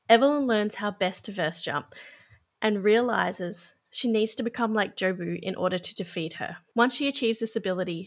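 A woman podcast host reading a smooth, prepared film summary and then asking her guest questions. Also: medium pitch. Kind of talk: film recap then interview.

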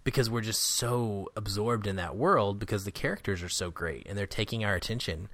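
A man co-hosting a podcast talks in a casual, animated way, often laughing and briefly mimicking lines from a film. His voice sits on the low side, and the recording is dry and close, with no room sound. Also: no echo. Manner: animated, laughing, doing quick impressions of characters. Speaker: podcast co-host.

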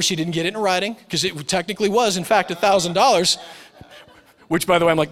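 A man's voice: high-pitched, normal speed, pauses often, fairly bright tone. A man in his forties preaching a sermon as pastor, telling stories with humor and acting out the voices in them. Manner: storytelling with humor, acts out quoted voices. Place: church sanctuary. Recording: long reverb of a large church hall.

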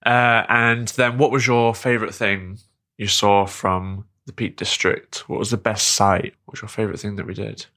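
A man's voice: fairly low pitch, little pitch movement, normal speed, pushed and bright. A man co-hosting a podcast in casual chat, making wry, joking asides. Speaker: podcast co-host.

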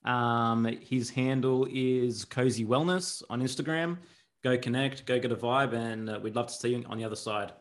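A man's voice: medium pitch, normal speed. A man co-hosting a podcast, speaking hesitantly with many fillers. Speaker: podcast co-host. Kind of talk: casual podcast sign-off.

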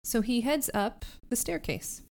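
A woman's voice: fairly high pitch, unhurried, creaky, darkish tone. A woman narrating a tabletop role-playing game as game master, describing scenes and laughing often.

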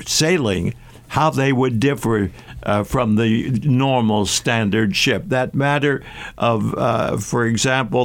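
An older man hosting a radio travel show, talking at length with frequent restarts and fillers. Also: mid-range voice. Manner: halting, many restarts and fillers. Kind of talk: radio talk show discussion.

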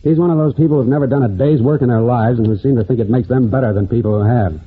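An actor playing a weary, fair-minded small-town sheriff in a 1940s radio drama, brisk and earnest. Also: male voice, medium pitch, breathy edge, lightly acted. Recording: tinny old radio broadcast.

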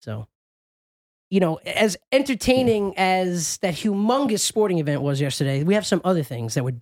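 Rambling young podcast host, dry sound. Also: male voice, high voice, expressive, moderate pace, a little mellow, no room sound. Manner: loose, rambling, swearing. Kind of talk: casual chat.

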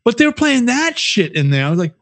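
A man's voice: extremely high pitch, big pitch swings, a little fast, fairly bright tone, no echo. A man co-hosting a podcast in casual, profane, rambling chat, often laughing. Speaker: podcast co-host.

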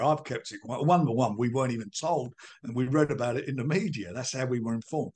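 A man's voice: medium pitch, quick pace, hardly any pauses, darkish tone. An older man and boxing promoter answering interview questions bluntly, with emphatic repetition and a combative edge.

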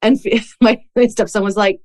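A woman's voice: mid-range voice, steady tone, normal speed, darkish tone. A woman hosting a podcast interview, telling a story in a chatty way full of "like" fillers. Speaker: podcast host. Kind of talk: casual conversational interview.

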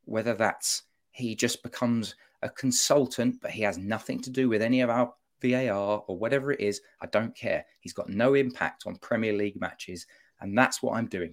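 A man giving an animated, opinionated monologue on a football podcast, often breaking off to mock-quote officials. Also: mid-range voice, a little fast. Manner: animated, self-interrupting, mock-quoting officials.

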